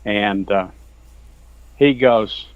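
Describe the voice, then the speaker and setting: A man's voice: on the low side, extremely slow, clear, resonant tone, no room sound. Folksy man on a dull video call. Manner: folksy, rambling, heavy on "you know" and "sir". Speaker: guest, Christian author. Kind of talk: earnest testimony in casual chat.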